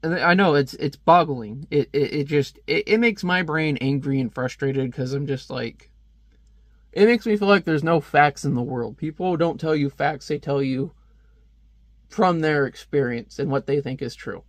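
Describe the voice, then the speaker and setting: A man's voice: fairly high pitch, normal speed, no room sound. A man giving casual, joking commentary while reviewing a comic book page by page. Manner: chatty, joking asides.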